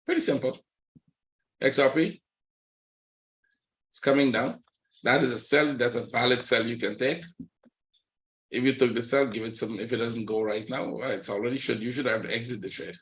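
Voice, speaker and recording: A man teaching a live trading webinar, walking quickly and plainly through one chart after another. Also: mid-range voice, a bit bright. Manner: rapid, matter-of-fact chart commentary. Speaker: trading instructor.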